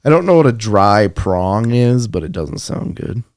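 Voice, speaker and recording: A man co-hosting a podcast in casual chat, laid-back and quick to laugh along. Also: on the low side, big pitch swings, a little mellow, no echo. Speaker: podcast co-host.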